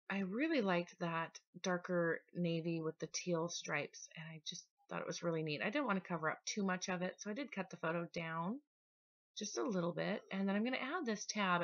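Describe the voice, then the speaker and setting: Lady chatting thru her scrapbook process, relaxed, kinda low voice, dull audio. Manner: chatty, relaxed, with small restarts. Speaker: scrapbooking vlogger. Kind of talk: casual process voice-over.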